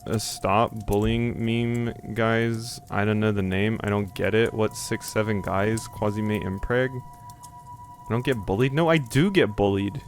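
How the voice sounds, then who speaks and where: A man's voice: fairly low pitch, a little slow, few pauses, soft background music. A young man live-streaming a game, chatting casually with his viewers in a rambling, jokey way, swearing and reading game text aloud. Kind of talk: casual live-stream chat while gaming.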